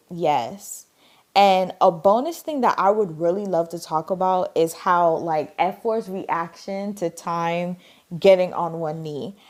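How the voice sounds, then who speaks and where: Chatty lower-voiced woman gushing. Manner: gushing, chatty, full of "like" fillers. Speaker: drama reviewer. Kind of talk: casual review chat.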